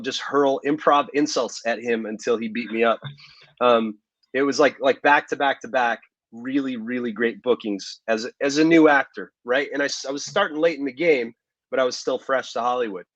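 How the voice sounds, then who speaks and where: A man, an actor as interview guest, telling stories in a relaxed way with many fillers and asides. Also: medium pitch, no room sound, muffled recording. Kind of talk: casual interview storytelling.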